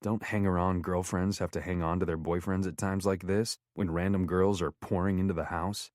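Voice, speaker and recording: Male audiobook narrator, low voice, dry close studio sound, deadpan and sardonic. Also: normal speed, dry recording. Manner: sardonic, deadpan inner monologue. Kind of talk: first-person audiobook narration.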